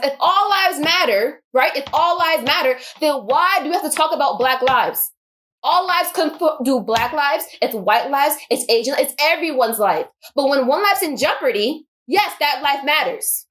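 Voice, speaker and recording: A woman's voice: high voice, animated, moderate pace, fairly bright tone. A woman giving an impassioned personal monologue, emphatic and repeating her points for force. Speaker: vlogger.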